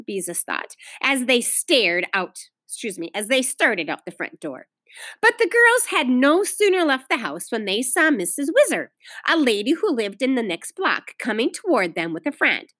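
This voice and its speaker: Expressive woman teacher reading a novel aloud. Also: on the high side, normal speed, dry recording. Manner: expressive, clear storytelling. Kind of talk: read-aloud of a children's novel.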